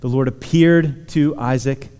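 A man's voice: medium pitch, steady tone, measured pace, mellow, smooth. A man preaching a sermon, earnestly reassuring his listeners and reading scripture aloud. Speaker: pastor. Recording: hall reverb.

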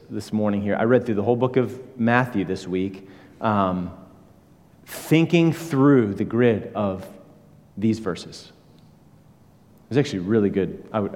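A man preaching a sermon as pastor, earnest, moving from hushed passages to emphatic ones. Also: medium pitch. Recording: echoey hall reverb.

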